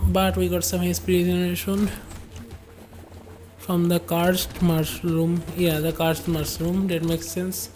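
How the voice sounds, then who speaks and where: A woman's voice: lowish voice, flat delivery, measured pace, dark tone, faint music behind. A woman commenting on her game during a livestream, musing aloud and rambling in asides to her chat. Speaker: game streamer.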